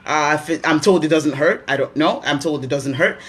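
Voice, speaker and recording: A woman's voice: deep voice, fairly quick, husky. A woman with a Nigerian accent hosting a health talk, giving earnest advice and repeating key phrases for emphasis.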